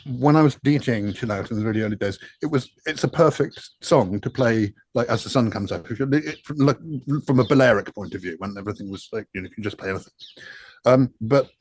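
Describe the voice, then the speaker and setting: A man's voice: medium pitch, a little mellow. A man being interviewed about his music career, telling stories casually with lots of fillers, restarts and swearing. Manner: rambling, self-deprecating, swears freely, many fillers. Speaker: interview guest, music producer.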